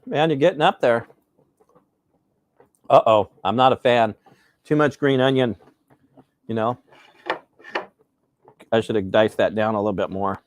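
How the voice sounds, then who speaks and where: A man casually chatting while hosting a live breakfast cooking stream, rambling and relaxed with plenty of fillers. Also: mid-range voice, a little slow, long pauses, slight background noise. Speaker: host.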